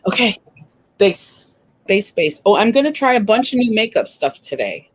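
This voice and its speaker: A woman's voice: medium pitch, big pitch swings, moderate pace, a little hiss or hum. A fifty-year-old woman chatting casually and rambling as she does her makeup on camera. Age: 50s. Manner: rambling, chatty, laughs often. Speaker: makeup vlogger. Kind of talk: casual chat while doing makeup.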